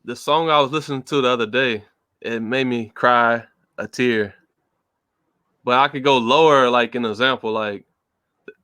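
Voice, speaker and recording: Bright-toned male podcast host. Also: mid-range voice, clean tone, dry recording, studio quality. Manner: chatty, interjects with examples, filler 'like'. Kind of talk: casual podcast chat.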